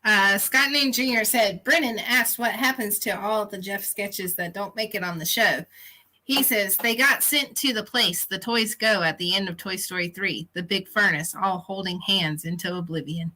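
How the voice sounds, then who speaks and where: Woman co-host, reads chat comments, bright voice, relaxed and amused. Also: mid-range voice, normal speed, low-quality recording. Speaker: co-host reading out viewer comments. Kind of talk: casual livestream chat.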